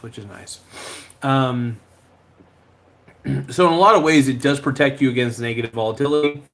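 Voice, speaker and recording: Brief: casual male podcast host, mid-pitched, loose and rambling, swears freely. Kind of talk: casual chat reading viewer comments.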